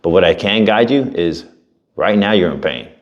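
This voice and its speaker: A man's voice: low-pitched, animated, normal speed, muffled recording. A young man co-hosting a podcast, casual chat with a fired-up, profane motivational drive. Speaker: podcast co-host.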